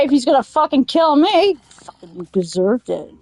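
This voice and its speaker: High, lively woman gamer swearing. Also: normal speed, hardly any pauses, no echo, faint music behind. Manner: swears a lot, blurts angry outbursts at the game; rambling, drifts into silly riffs. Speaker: gaming streamer. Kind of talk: casual let's-play chat.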